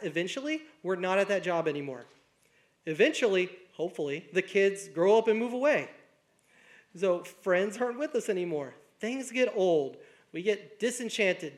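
Young guy giving a sermon, kinda high voice, loose and jokey, storytelling. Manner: conversational, self-deprecating, animated in quoted voices. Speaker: preacher.

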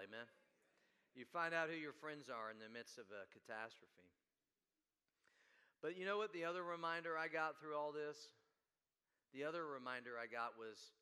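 A man preaching a sermon, telling a story and swinging from hushed asides to loud, emphatic preaching. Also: mid-range voice, smooth. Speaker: pastor.

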